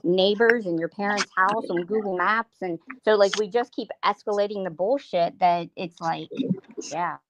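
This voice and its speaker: A woman's voice: mid-range voice, moderate pace, rough recording. A woman hosting a casual livestream chat, talking bluntly and conversationally. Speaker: livestream host. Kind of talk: casual live-stream chat.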